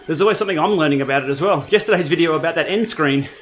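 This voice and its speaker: A man's voice: on the high side, very fast, a bit bright, a little hiss or hum. A man with an Australian accent hosting a casual cycling livestream, chatting in a laid-back way and answering viewer comments as he rides. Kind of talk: casual livestream chat while riding. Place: home training room.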